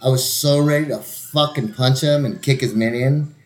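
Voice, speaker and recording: Profane, animated man telling a story. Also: mid-range voice, moderate pace. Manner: profane, animated, acts out quotes in raised voices. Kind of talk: casual storytelling chat.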